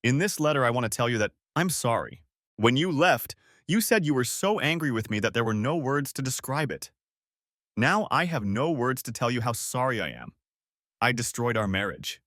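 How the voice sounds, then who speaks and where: A man's voice: medium pitch, expressive, normal speed, fairly bright tone, no echo, studio quality, lightly acted. A man voicing a remorseful ex-wife who reads out her pleading letter in an earnest, apologetic way.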